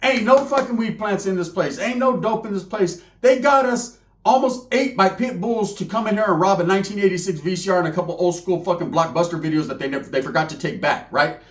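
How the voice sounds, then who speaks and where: A man's voice: high voice, fairly quick, roomy sound. A man telling a wild comedic story in casual street slang, cursing and acting out the people in it.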